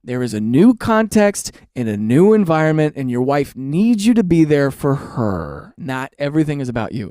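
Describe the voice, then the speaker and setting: Male comic commentator, lively swooping delivery, dry close sound, sarcastic rants. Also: on the high side, no room sound. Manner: animated, sarcastic ranting with mock-outraged questions. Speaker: online commentator reading forum posts. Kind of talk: comedic reaction commentary.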